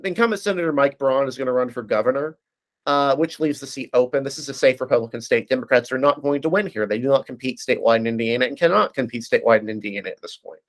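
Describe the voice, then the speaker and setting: A man speaking as a guest analyst in a casual political discussion, breaking down races quickly and often restarting his sentences. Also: medium pitch. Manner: fast, analytical, frequent restarts.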